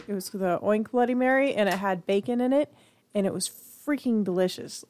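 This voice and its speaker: A woman's voice: mid-range voice, dry recording. Chatty woman podcast co-host. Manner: rambling, chatty, laughs easily. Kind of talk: casual chat.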